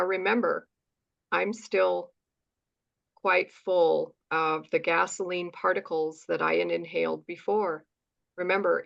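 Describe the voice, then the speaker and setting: Gravelly woman telling a lively story. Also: lowish voice, muffled recording. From United States. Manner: animated, acts out dialogue, says "right?" often. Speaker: guest. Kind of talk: storytelling interview.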